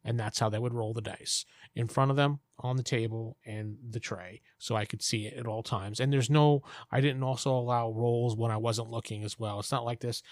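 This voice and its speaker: A man's voice: medium pitch, steady tone, a little fast, no room sound. Rambling man, dry close sound. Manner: rambling and conversational. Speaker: podcast host giving game master advice. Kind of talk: casual monologue answering listener questions.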